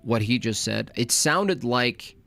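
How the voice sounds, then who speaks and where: A man's voice: mid-range voice, lively intonation, slow pace, creaky, fairly bright tone. A man reacting to a clip, ranting with sarcastic questions. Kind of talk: casual reaction commentary.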